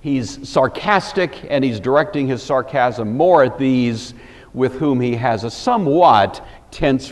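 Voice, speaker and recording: A man's voice: medium pitch, long reverb tail. A man teaching a lesson on a Bible passage in a conversational way, with frequent asides as he thinks aloud.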